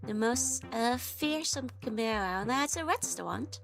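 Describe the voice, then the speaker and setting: A bubbly woman streamer with a high, bright-toned voice, chatting live with her viewers and giggling often. She is still recovering from a cold, and soft music plays faintly behind her streaming mic. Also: lively intonation, vocal fry. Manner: bubbly, giggly, rapid repeated greetings. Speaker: VTuber streamer.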